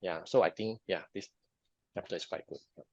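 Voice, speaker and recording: Low-voiced man discussing a book, halting. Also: no echo. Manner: halting, repeats words often. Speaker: podcast co-host. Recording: dull lo-fi dry sound.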